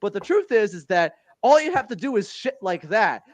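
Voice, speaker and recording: A man's voice: high-pitched, sing-song, normal speed, no echo. A man co-hosting a casual podcast, rambling and laughing often as he recounts scenes. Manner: rambling, laughs often, quotes lines in a put-on voice. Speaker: podcast co-host. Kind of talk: casual chat.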